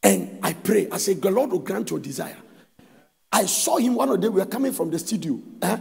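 A man with a Ghanaian English accent preaching a sermon as pastor, swinging between shouted, sing-song exhortation and quieter storytelling. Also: high voice, sing-song, moderate pace, gravelly, breathy edge, in a large hall. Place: church hall.

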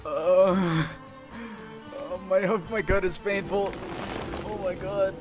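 A young man hosting a gaming video, giving excited live commentary on his own play, shouting and laughing in wild swings between despair and joy, with game music behind him. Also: high voice, slow pace.

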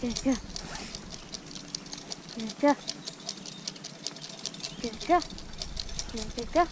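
Woman, high voice, slow unhurried talk, calling dog commands on a trail, outdoor noise behind. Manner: calls out short commands like hike, wait and good girl. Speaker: dog owner on a sulky run. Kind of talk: casual commands to a dog while riding.

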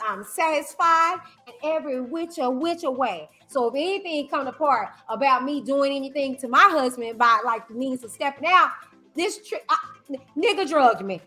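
A woman with a high, bright voice talks straight to her livestream viewers. She is emphatic and animated and keeps circling back to her phrases. Faint music plays behind her. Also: normal speed. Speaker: YouTuber host. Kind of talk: livestream commentary.

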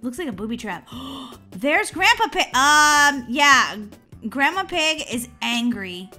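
A woman with a high, very bright voice narrates her game play. She gives excitable let's-play commentary, swooping all over her range, giggling often and letting out shrieks whenever something chases her. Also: measured pace, faint music behind. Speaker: gaming channel host.

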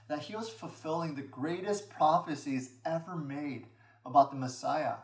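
A man's voice: a little high, moderate pace. A man preaching as a pastor, reading scripture, praying and building earnest, repeated emphasis. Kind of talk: sermon. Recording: echoey room, mic at a distance.

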